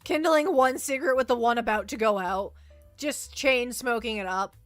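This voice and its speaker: A woman streaming as a VTuber, chatting casually in a rambling, animated way and reacting to her chat. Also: on the high side, moderate pace, no room sound, faint music behind. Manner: rambling, animated storytelling, reads chat aloud.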